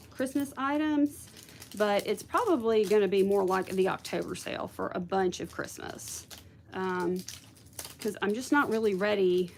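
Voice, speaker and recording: A woman's voice: mid-range voice, darkish tone, a little hiss or hum. A woman hosting a casual craft livestream, chatting with viewers and thinking aloud. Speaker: craft video host.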